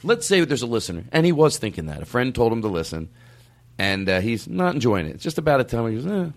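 A man's voice: medium pitch, sing-song, quick pace. A man hosting a comedy podcast in casual chat, rambling and self-aware, often slipping into mock voices. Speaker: podcast host.

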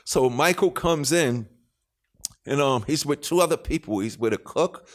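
A man on an interview show, telling an anecdote in a casual, animated way, acting out other people's lines and swearing freely. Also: fairly high pitch, moderate pace. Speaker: interview guest.

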